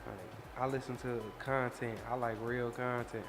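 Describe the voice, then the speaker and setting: A man who is a singer talking about his music in a relaxed, casual interview. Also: medium pitch, unhurried. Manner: laid-back, flat, frequent you know what I'm saying. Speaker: singer, guest. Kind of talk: casual chat.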